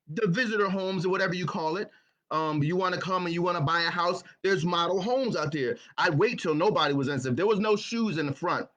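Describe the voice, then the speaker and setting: A man's voice: fairly high pitch, fairly bright tone. A man giving a motivational talk, telling his own story in an earnest way and often repeating his words. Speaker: motivational speaker.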